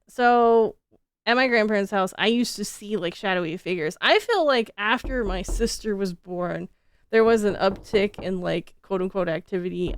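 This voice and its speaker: A woman's voice: medium pitch, clean tone. A woman streamer chatting casually with her viewers, rambling and laughing often, with frequent casual swearing.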